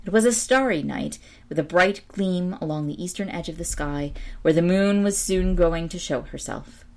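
Woman reading an old storybook out loud, lowish voice, stumbles and fixes words. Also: moderate pace. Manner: steady reading with small slips and self-corrections. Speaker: storybook reader.

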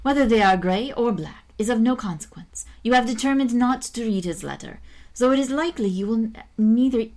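A woman reading aloud and voicing a scheming, teasing schoolteacher who coaxes a pupil, pitched a little above her own voice. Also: animated, fairly quick, darkish tone. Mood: coaxing.

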